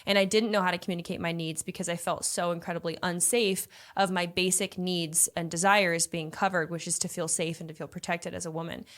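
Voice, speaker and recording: A young woman talks through relationship advice in a relaxed chat, earnest and talkative, as if coaching a client. Her voice sits a little lower than most women's. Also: brisk, hardly any pauses. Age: young adult. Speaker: host.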